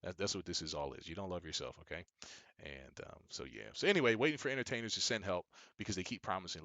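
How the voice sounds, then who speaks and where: A man's voice: sits low, big pitch swings, quick pace, fairly bright tone, dry recording. A young adult man giving an emphatic, preachy monologue, often repeating himself. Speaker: business coach. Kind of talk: casual monologue commentary.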